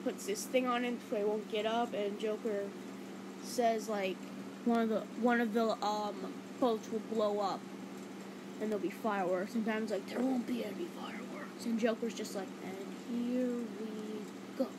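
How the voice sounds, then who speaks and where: A woman's voice: medium pitch, steady tone, normal speed, noisy background. A woman counting down her favourite movie fight scenes in a casual, rambling way, full of enthusiasm and fillers like "like". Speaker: movie reviewer.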